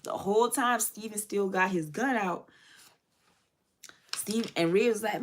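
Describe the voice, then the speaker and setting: A woman's voice: mid-range voice, measured pace. A woman beauty vlogger telling a story in a loose, chatty way while doing her makeup. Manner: loose and chatty, many fillers and asides.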